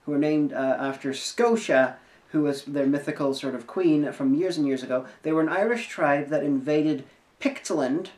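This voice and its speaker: A woman co-host with a hard-to-place English accent, explaining things in a measured, lecturing way. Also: low voice, darkish tone, reverberant. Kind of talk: casual chat.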